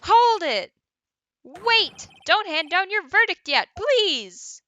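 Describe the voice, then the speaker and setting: A woman voicing an earnest young male defense lawyer, reading game lines aloud with loud, emphatic objections. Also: very high voice, big pitch swings, slow pace, voice pushed up, exaggerated voice. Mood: shouting.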